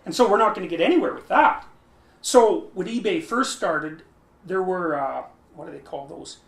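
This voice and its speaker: A man's voice: high voice, normal speed, vocal fry. Man lecturing in an echoey room. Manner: restarts phrases, thinks aloud, emphatic. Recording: roomy echo.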